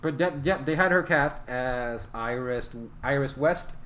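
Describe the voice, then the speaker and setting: A young man chatting casually as a podcast co-host, excited, swearing often and stumbling over his words. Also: mid-range voice, measured pace. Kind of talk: casual chat.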